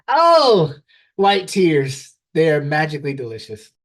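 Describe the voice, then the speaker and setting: Lively, animated joking podcast co-host man. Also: fairly high pitch. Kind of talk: casual podcast chat.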